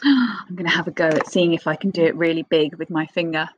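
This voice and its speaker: A woman teaching young children a phonics lesson, speaking in an expressive sing-song teacher voice with little gasps of excitement. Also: low-pitched, fairly quick, highs cut off, a little hiss or hum. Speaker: primary school teacher.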